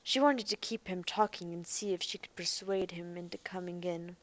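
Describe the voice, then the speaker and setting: A woman narrating an audiobook in a quiet, even storytelling manner. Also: fairly low pitch, normal speed. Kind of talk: scripted narration.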